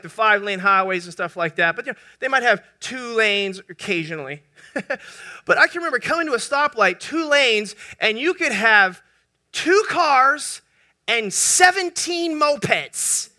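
A male pastor preaching a sermon in an animated way, joking with his congregation. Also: very high-pitched, moderate pace. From United States.

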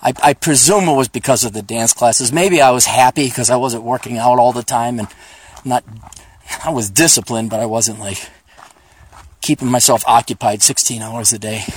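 A man hosting a podcast, rambling in a profane, sarcastic, joking way while out on a hiking trail, recorded on a phone. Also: mid-range voice. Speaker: podcast host. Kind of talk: casual rambling monologue.

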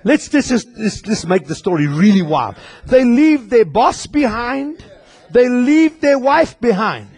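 A male pastor preaching an impassioned sermon to his congregation, at times raising his voice to a shout and talking straight to them. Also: very high voice, big pitch swings, unhurried, slightly rough. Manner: talks directly to the congregation. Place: church.

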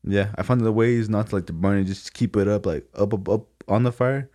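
A young man chatting casually and reacting in relaxed slang. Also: lowish voice, fairly quick. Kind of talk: casual chat.

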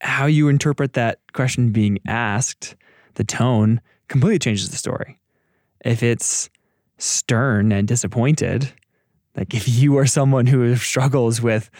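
A man's voice: mid-range voice, a little mellow, no echo, clean studio sound. A man in a casual faith discussion, thinking aloud in a reflective way and searching for words.

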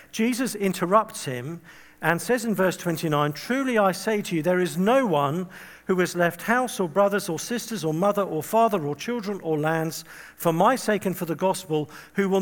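A man's voice: high voice, in a large hall. A man preaching a sermon in a conversational way, telling stories with humorous, self-deprecating asides and acting out quoted voices.

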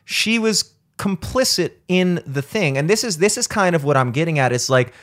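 A man's voice: on the high side, animated, normal speed, fairly bright tone. A man on a casual podcast, rambling and swearing, full of fillers and restarts. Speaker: podcast co-host.

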